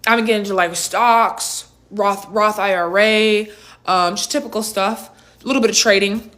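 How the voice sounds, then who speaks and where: A woman voicing a calm, self-assured twelve-year-old boy with a relaxed, matter-of-fact way of talking. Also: medium pitch, moderate pace, lightly acted. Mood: casual.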